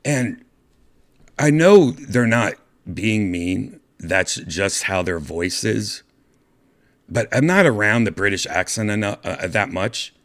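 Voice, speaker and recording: Male host, middle-aged, low voice, animated casual storyteller. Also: slow pace. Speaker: podcast host.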